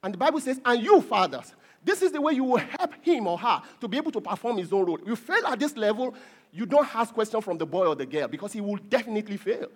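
Lively high-voiced male preacher. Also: fast. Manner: preachy, rising to emphatic peaks with repeated words. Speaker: pastor. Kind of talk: sermon.

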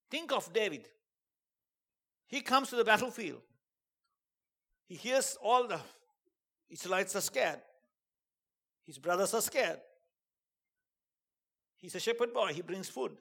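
A man preaching a sermon and telling a dramatic testimony, dropping to a hush and then rising to shouts. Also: sits high, creaky. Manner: dramatic storytelling, swings from hushed to shouting; preaching with emphatic call-outs.

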